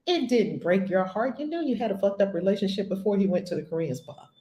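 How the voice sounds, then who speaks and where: A woman giving a spiritual lesson as a teacher, blunt and animated, swearing casually. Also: medium pitch, quick pace, hardly any pauses. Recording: echoey room.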